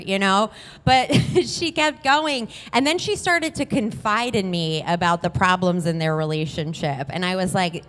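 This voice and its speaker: A woman's voice: fairly low pitch, moderate pace, fairly bright tone, smooth, long reverb tail. A woman telling a true-sounding personal story on stage, chatty and candid, swearing freely. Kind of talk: live comedic storytelling.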